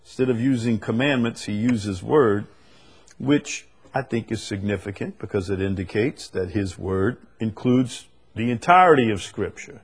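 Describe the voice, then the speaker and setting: A man gives a verse-by-verse Bible lesson to a group in a low, slightly husky voice. He is earnest and circles back to repeat key phrases, and he slows down to read each scripture passage. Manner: speaks to a live group. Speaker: Bible teacher.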